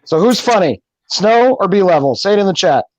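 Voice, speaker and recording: A man's voice: high voice, animated, a little fast, darkish tone. A man taunting and heckling his opponent in a heated live-stream argument. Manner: taunting, mocking, needling. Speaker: YouTuber debating in a stream.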